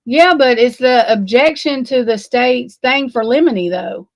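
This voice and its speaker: Woman, sleepy, exasperated rambling, swears, gravelly, dry room. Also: fairly high pitch, unhurried, dry recording. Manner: rambling, exasperated, swears freely, talks to chat. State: sleepy, yawning. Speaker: true crime livestream host. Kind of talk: casual live commentary.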